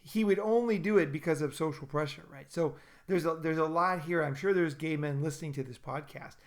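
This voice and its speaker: A man's voice: on the high side, a little fast. A man hosting a casual podcast chat, rambling and often repeating and restarting his words. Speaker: podcast host.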